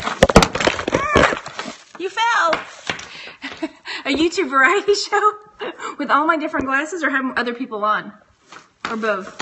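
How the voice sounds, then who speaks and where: A woman's voice: high voice, sharp tone. A woman from Texas chatting casually on a phone livestream, giggly and rambling as she talks to viewers. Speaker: reseller vlogger.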